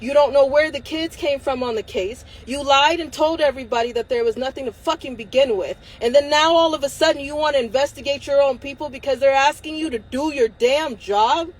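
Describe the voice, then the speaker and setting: High-voiced woman ranting on a livestream. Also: fairly quick, hardly any pauses, low-quality recording. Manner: angry, emphatic, swearing. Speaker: livestream host. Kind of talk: impassioned livestream rant. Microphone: phone.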